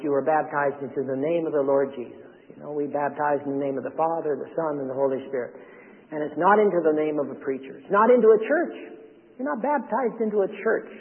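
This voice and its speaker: A man preaching with emphasis in a fairly high voice, driving his points home with repetition and rhetorical questions. His sermon comes through a thin, phone-like radio broadcast with a long reverb trailing behind each phrase.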